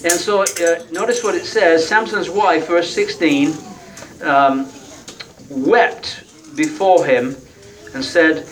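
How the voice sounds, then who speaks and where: A man's voice: fairly high pitch, unhurried, distant mic, a little hiss or hum, rough recording. A man preaching a sermon in a conversational, folksy way, often tagging his points with rhetorical questions.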